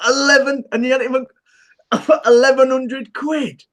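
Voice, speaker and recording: A man's voice: very high-pitched, flat delivery, unhurried, fairly bright tone. A man co-hosting a casual livestream, bantering, swearing and laughing a lot. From England. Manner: laughs often, teasing. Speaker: co-host of a vaping livestream.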